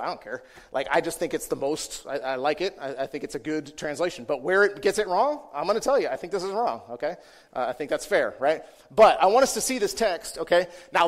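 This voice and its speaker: A pastor with a fairly high voice preaches in a church with a big-room sound, speaking conversationally and constantly checking in with "right?" and "okay?" He corrects himself, repeats words, and rises into emphatic bursts when stressing a point.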